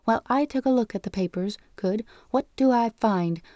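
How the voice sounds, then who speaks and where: A woman reading an audiobook, voicing a shrill, argumentative middle-aged male clerk who talks in a squeaky falsetto and rants insistently. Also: normal speed, warm tone, dry recording, lightly acted. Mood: ranting. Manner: ranting, insistent.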